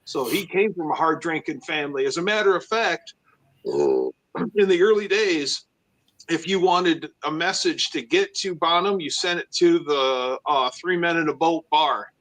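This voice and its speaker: A man's voice: on the high side, very animated, unhurried, a bit bright. A man hosting a live stream, telling rambling stories and acting out the quotes. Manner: rambling storyteller, acts out quotes. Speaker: host. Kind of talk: casual live-stream chat.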